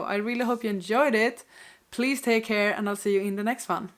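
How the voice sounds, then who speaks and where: A woman's voice: on the high side, steady tone, moderate pace. A woman vlogger chatting casually to camera about her reading plans, her voice stuffy and congested, rambling and second-guessing herself as she talks. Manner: chatty, self-doubting, rambling. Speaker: book vlogger.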